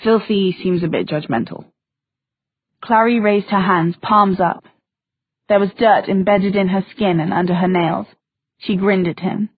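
A woman narrating an audiobook in a soft, intimate reading style, on a tinny recording. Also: medium pitch, steady tone, a little slow, husky, no room sound. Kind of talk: scripted narration.

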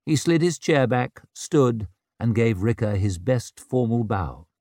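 A man narrating an audiobook in an expressive, wry storytelling manner. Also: medium pitch, unhurried, no echo, clean studio sound. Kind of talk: scripted narration.

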